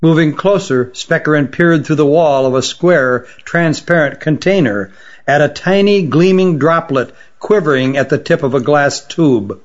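A man narrating a fantasy story in a steady, even storytelling manner. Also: on the high side, a little slow, muffled recording. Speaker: audiobook narrator.

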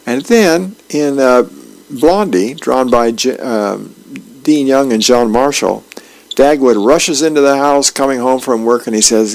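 A man who volunteers as a reader, reading the newspaper aloud on the radio in an unhurried way with small stumbles and fillers. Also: mid-range voice, darkish tone, low-quality recording.

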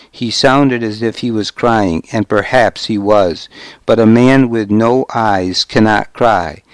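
A man reading a novel aloud as first-person narration, in a measured, deliberate storytelling manner. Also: lowish voice, clear, resonant tone, no room sound. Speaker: audiobook narrator.

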